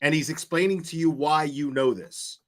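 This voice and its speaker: A man's voice: fairly high pitch, moderate pace. A man hosting reaction commentary, blunt and profane, hammering his points over and over. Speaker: commentary channel host.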